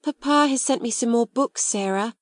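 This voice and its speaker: A woman's voice: fairly high pitch, moderate pace, no room sound, clean studio sound, close to an everyday voice. A woman reading an audiobook, voicing a timid, anxious schoolgirl with a pleading, worried manner. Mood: plaintive. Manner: pleading, worried girlish delivery.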